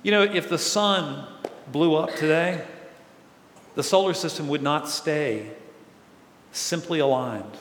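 A man's voice: fairly high pitch, slow pace, long pauses, fairly bright tone, slight background noise. A male pastor preaching a sermon in a conversational, earnest way, asking his congregation questions. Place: large church hall. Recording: echoey hall with long reverb.

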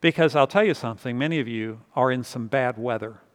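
Here a male pastor speaks a little fast at medium pitch, delivering a sermon in a church sanctuary. He tells stories in a conversational way and repeats words along the way, all within the long reverb of a large hall.

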